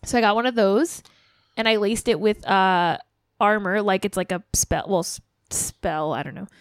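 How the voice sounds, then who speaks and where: A woman's voice: medium pitch, normal speed, smooth, no echo, studio quality. A young woman chatting casually as a podcast co-host, rambling and laughing often. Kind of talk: casual chat.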